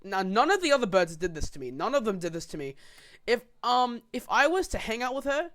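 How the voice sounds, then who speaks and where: Young podcast co-host, loose and rambling storyteller, swears and laughs a lot, mid-pitched voice. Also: big pitch swings, fairly quick, fairly bright tone. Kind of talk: casual storytelling chat.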